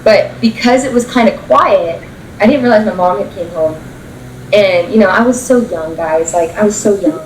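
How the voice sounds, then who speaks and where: A young woman tells a story as a podcast guest, blunt and profane and quick to laugh. Her voice sits at a middling pitch. It sounds roomy and a little off-mic. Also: far from the mic, slight background noise. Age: young adult. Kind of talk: casual chat, storytelling.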